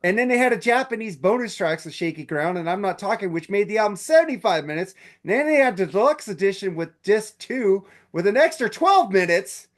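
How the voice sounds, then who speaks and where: A man hosting a podcast in casual chat, ranting loudly with swearing and laughs. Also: sits high, expressive, a little fast, few pauses. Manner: loud, profane, laughing rants. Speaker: podcast host.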